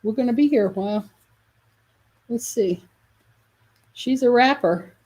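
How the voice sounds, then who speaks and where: A woman's voice: fairly high pitch, a little slow, darkish tone. A woman hosting a live sales video for quilt kits, chatty and enthusiastic, often correcting herself mid-sentence. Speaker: shop host selling quilt kits.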